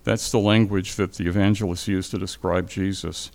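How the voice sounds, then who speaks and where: A man giving an informal Bible lecture to a class, speaking thoughtfully with many pauses, restarts and fillers. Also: low-pitched, steady tone, darkish tone. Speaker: Bible teacher.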